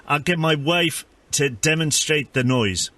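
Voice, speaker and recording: A man's voice: fairly high pitch, measured pace, sharp tone, dry recording. A man voicing a fussy neighbourhood watch man with a put-on South African accent on a prank call, stammering and repeating himself. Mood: insistent. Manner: hesitant, stammering. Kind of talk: prank phone call role-play.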